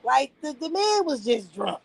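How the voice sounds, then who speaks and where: Woman, thirties, fairly high voice, casual storytime chat, animated, swears a lot. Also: unhurried, creaky, rough recording. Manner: chatty and animated, swears freely, calls the listener "girl". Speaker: vlogger.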